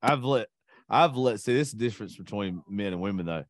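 A man's voice: fairly low pitch, fairly quick, dry recording, clean studio sound. A man, a podcast co-host in crude casual chat, telling boastful stories and acting out quotes. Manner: profane, boastful storytelling with animated quoting.

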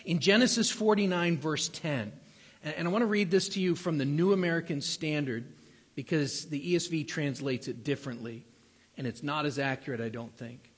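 Husky male preacher in a reverberant hall. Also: fairly high pitch, a bit bright. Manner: conversational, emphatic repetitions, some stumbles. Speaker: pastor. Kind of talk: sermon.

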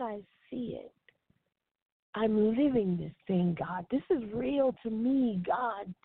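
A woman preaching a devotional sermon in an earnest, repeating cadence. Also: on the high side. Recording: tinny phone-line sound, dry.

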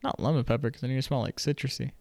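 A man's voice: medium pitch, fairly even intonation, racing, vocal fry, a little mellow, no room sound. A young man in casual chat as a podcast co-host, laid-back, joking and slangy.

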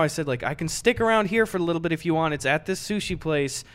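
A man's voice: fast talker, hardly any pauses. A young man co-hosting a podcast, telling a story in casual chat and acting out the people in it with big swings in his voice. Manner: animated, acts out quoted voices with big pitch swings. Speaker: podcast co-host.

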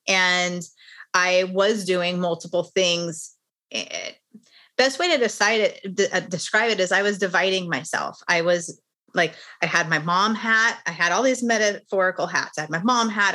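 A middle-aged woman guest speaking with a bright, forceful edge and a slightly low pitch. She tells her story earnestly and candidly, in a conversational interview. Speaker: podcast guest, author.

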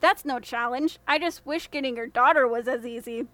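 A woman's voice: sits high, moderate pace, pushed and bright, no room sound. A woman voicing a confident, clever young male thief in a storybook tale, dry and wry.

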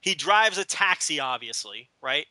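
A man's voice: fairly high pitch, lively intonation, moderate pace, sharp tone, dry recording. A man co-hosting a podcast in casual chat, rambling with lots of stammered restarts. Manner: rambling, stammering restarts, mock British voices in quotes. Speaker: podcast co-host.

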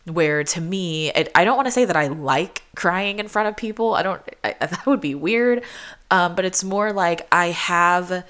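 A young woman hosts a podcast in a casual, chatty way, sprinkling in lots of "like" and acting out what people said. Her voice is fairly low and a bit bright, at a moderate pace.

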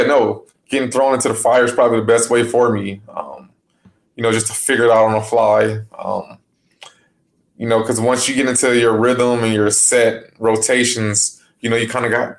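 A man speaking as a guest in a casual podcast interview, relaxed, with many fillers and restarts. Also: medium pitch, moderate pace, vocal fry. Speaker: basketball player guest.

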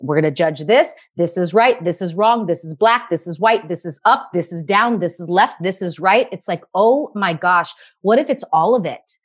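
Animated woman chatting as a guest. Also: lowish voice, moderate pace, few pauses, breathy edge. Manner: animated, acts out quoted voices. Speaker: podcast guest. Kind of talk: casual conversation.

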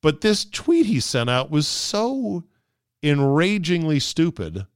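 A man's voice: fairly high pitch, big pitch swings, takes it slowly, dry recording, clean studio sound. A man hosting a podcast, delivering a sarcastic casual monologue and slipping into mocking voices. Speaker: podcast host.

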